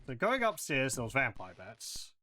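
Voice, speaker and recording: A man's voice: mid-range voice, huge pitch swings, moderate pace, sharp tone, faint music behind. A man playing through a retro role-playing game, thinking aloud and reading out game text and combat results. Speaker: let's play host. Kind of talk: casual gameplay commentary.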